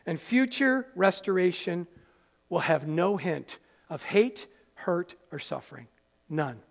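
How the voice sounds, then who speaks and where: A pastor with a notably high voice preaches earnestly, talking straight to the people in the room and joking with them now and then. His words ring out with the long reverb of a church hall. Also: expressive, slow, gravelly. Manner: earnest, conversational preaching with playful asides to the congregation. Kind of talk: sermon. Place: church sanctuary.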